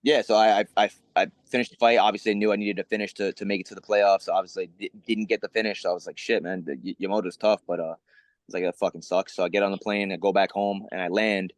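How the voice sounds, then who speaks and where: A man, a fighter, talking excitedly on a press call, swearing and stumbling over repeated words. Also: on the low side, quick pace, no echo. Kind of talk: casual press call talk.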